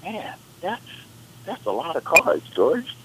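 A man's voice: fairly high pitch, slow pace, noisy background. A man co-hosting a radio show, rambling in casual chat and getting worked up as he tells stories. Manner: animated, rambling, exasperated storytelling. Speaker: radio co-host.

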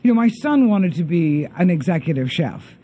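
Male host, middle-aged, high, husky and mellow voice, easygoing interview chat. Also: sing-song. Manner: chatty, reads lists of names haltingly. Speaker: show host.

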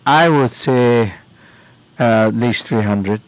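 A man hosting a radio show and explaining things to listeners in a deliberate way. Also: mid-range voice, no room sound, low-quality recording. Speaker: radio host. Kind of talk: radio advice talk.

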